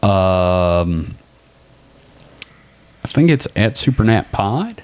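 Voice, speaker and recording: A man's voice: on the low side, sing-song, extremely slow, a little mellow. Profane, joking male podcast host. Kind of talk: casual podcast chat.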